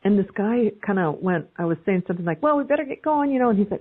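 A woman on a group video call giving an animated, emphatic motivational talk as a coach, repeating phrases for emphasis. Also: medium pitch, quick pace, husky. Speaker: guest speaker, life coach. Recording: phone-like call audio.

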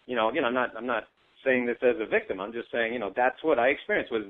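A man speaking in casual conversation as a guest. He is animated, laughs often and acts out other voices in his stories. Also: mid-range voice, brisk. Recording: tinny phone-like audio.

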